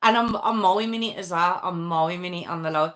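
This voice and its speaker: A woman's voice: on the low side, brisk, fairly bright tone. A woman hosting a true crime live stream, chatting casually and self-mockingly with viewers while reading the comments. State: sore arm. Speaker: true crime livestream host.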